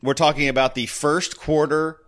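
A man's voice: on the high side, flat delivery, normal speed, a bit bright. A man co-hosting a podcast in casual chat, joking and laughing often. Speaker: podcast co-host.

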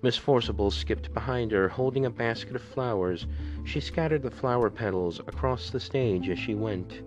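A man reading a children's novel aloud for a podcast, steady and unhurried. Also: mid-range voice, lo-fi sound, faint music behind. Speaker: podcast reader. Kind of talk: audiobook reading.

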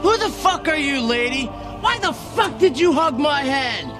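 An actor playing a foul-mouthed, belligerent young man, shouting profane questions in a film clip. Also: very high voice, lively intonation, unhurried, music in the background. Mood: angry.

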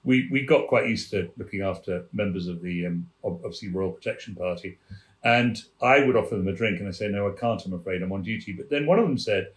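A man, a theatre producer telling anecdotes on a chat show, animated and laughing as he goes. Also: fairly low pitch, brisk, echoey room. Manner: animated storyteller, laughing mid-story.

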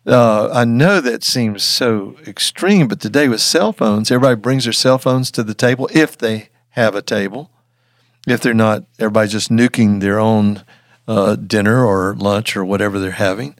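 An older man, a podcast guest, telling a story earnestly with many halting restarts, recorded close on a studio mic. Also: on the low side, no room sound. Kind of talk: storytelling in an interview.

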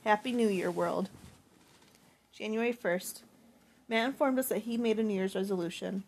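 Brief: woman audiobook narrator, breathy tone, reflective first-person reading. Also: mid-range voice, moderate pace, darkish tone.

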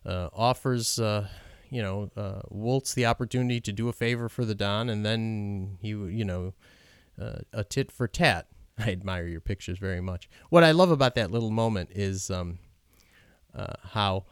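A man's voice: lowish voice, normal speed, smooth, dry recording, clean studio sound. A man giving an unscripted film commentary, hesitant and full of ums and restarts, talking with open admiration.

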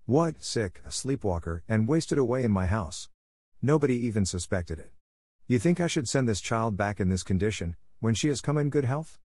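A man voicing a worried, well-to-do gentleman who pleads with his friend. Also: lowish voice, animated, normal speed, no room sound, studio quality. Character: anxious well-off gentleman, father figure.

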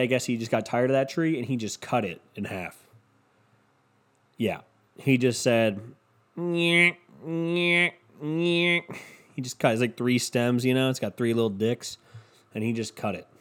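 A man's voice: medium pitch, a little mellow. A young man hosting his own podcast, telling stories in a casual, rambling, crude comedic way full of swearing. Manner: profane, rambling, crude humor. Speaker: podcast host.

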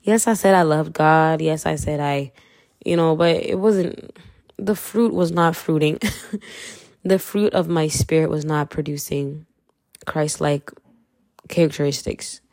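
A woman's voice: deep voice, unhurried, pauses often, darkish tone, no echo, clean studio sound. A young woman from Kenya with a light Kenyan accent, candidly sharing her faith story in a chatty, slangy way and laughing often. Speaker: podcast host. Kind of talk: casual faith testimony.

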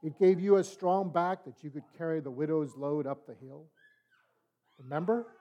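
A patient, fatherly spirit speaks with quiet earnestness, as a man telling a parable puts it on. The voice sits fairly high. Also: normal speed, natural voice. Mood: hushed.

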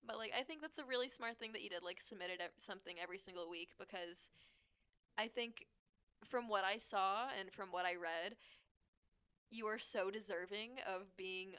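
A woman's voice: mid-range voice, normal speed, bright, forceful tone, clean tone. A woman in her twenties hosting a casual podcast, rambling supportively and searching for her words. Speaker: podcast host.

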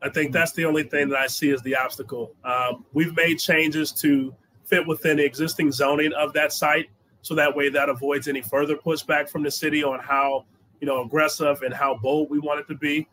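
A man's voice: on the high side, level tone, a little fast, pushed and bright, slight background noise, rough recording. A man, a company co-founder, answering interview questions earnestly, often saying "you know".

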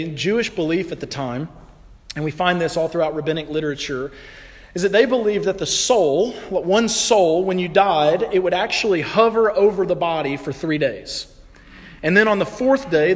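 A man's voice: fairly high pitch, big-room sound. A male pastor preaching a sermon in an earnest, emphatic, conversational way.

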